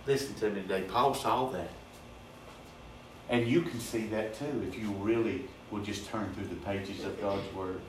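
A man preaches in a slow, emphatic rhythm, stacking repeated phrases. His lowish voice rings through a very echoey church. He sounds set back from the microphone, with faint room hum behind him. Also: steady tone. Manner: emphatic, repetitive preaching cadence. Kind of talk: sermon. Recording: very echoey, distant mic.

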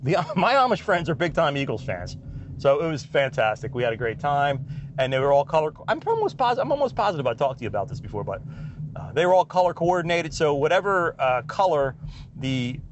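A man's voice: mid-range voice, muffled recording, slight background noise. A middle-aged man hosting a podcast, telling rambling stories in a casual monologue and laughing at his own tales while he drives. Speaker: podcast host. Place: in a truck while driving.

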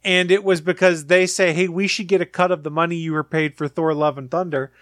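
A man with a slightly higher voice co-hosts a podcast, giving his opinions in a relaxed, conversational way. The recording is close and dry, with no room sound. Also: a little fast, dry recording. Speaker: podcast co-host. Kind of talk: casual chat.

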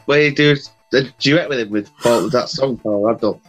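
A man co-hosting a casual podcast, easygoing and halting, often repeating words. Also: mid-range voice, faint music behind, low-quality recording. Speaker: podcast co-host. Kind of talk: casual chat.

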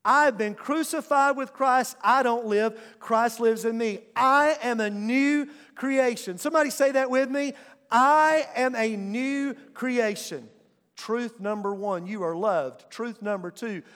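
In a church sanctuary with long hall reverb, an emphatic pastor preaches and urges the congregation to respond. His voice is extremely high-pitched and a bit bright.

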